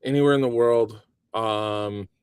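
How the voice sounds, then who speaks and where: A man as a guest in a casual interview, relaxed and thinking aloud with plenty of ums. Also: fairly low pitch, unhurried, smooth, no echo, clean studio sound.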